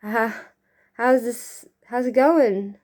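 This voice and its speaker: A drag queen with a Brooklyn accent talks casually while putting on makeup. The voice is warm and mellow, sitting in a middle pitch. The talk rambles, with frequent restarts and "you know" tags. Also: slow pace.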